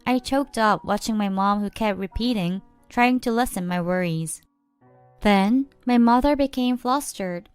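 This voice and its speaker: A young woman narrating a first-person story in a plain, steady way. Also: mid-range voice, measured pace, smooth, no room sound, faint music behind.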